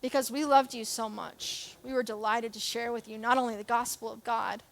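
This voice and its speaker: A woman's voice: a little high, fairly even intonation, moderate pace, vocal fry. A young adult woman giving a sermon as a church youth leader, chatty and self-deprecating, with jokes and asides.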